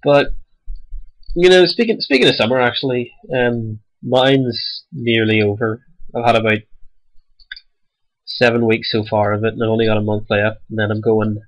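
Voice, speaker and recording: A young man in his late teens, stuffy-nosed and a little raspy from a cold, giving rambling, hesitant commentary over a game he is playing. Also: fairly low pitch, level tone, moderate pace, poor audio. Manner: rambling and hesitant, many ums. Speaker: gaming channel host. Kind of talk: casual gameplay commentary.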